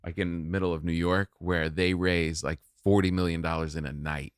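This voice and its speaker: A man's voice: deep voice, flat delivery, a little fast, clear, resonant tone, no echo, clean studio sound. A middle-aged man, a comedian on a podcast, chatting casually and laughing often.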